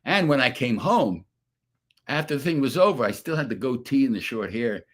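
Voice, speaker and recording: An older actor holds forth in casual interview chat, his pitch rising and dropping as he acts out quotes. He swears freely and tells stories with gusto in a voice of ordinary middle pitch. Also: moderate pace. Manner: animated, profane storytelling with acted-out quotes. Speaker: actor guest. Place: radio studio or remote call.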